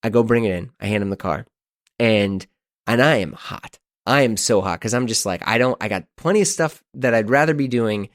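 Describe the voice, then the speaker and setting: Low-voiced man telling a story. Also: normal speed, no room sound, clean studio sound. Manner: animated, exasperated, self-mocking storyteller. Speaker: podcast host. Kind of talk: casual storytelling monologue.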